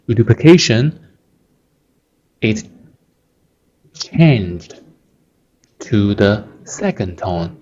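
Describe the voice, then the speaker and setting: Slow-talking guy with teaching a lesson, lowish voice, kinda muffled audio. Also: a little mellow. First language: Chinese. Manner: patient, repeats words slowly for learners. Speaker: Chinese teacher. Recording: dull lo-fi sound.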